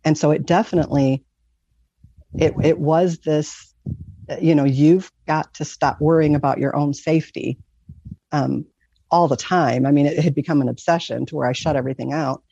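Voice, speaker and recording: Gravelly-voiced woman telling her story. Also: sits low, steady tone, moderate pace, no room sound. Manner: earnest, frequent soft laughs. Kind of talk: candid personal storytelling. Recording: dull lo-fi recording.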